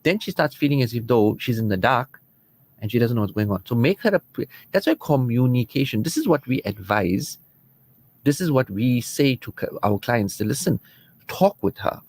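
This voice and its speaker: A man's voice: mid-range voice, lively intonation, moderate pace, darkish tone. A man giving earnest, conversational marriage advice as a counselor on a radio programme in a studio. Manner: earnest and conversational, acts out quoted spouses.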